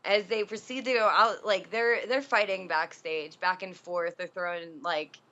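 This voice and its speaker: A woman wrestler tells a story as an interview guest. She talks in a bright, sharp voice, animated and loose with plenty of fillers. The recording is dull and lo-fi. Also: fairly low pitch, measured pace.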